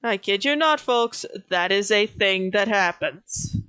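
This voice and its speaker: Slow-talking woman streamer, laughing often. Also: medium pitch, smooth, dry recording. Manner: laughs often, relaxed and chatty. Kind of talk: casual stream chat.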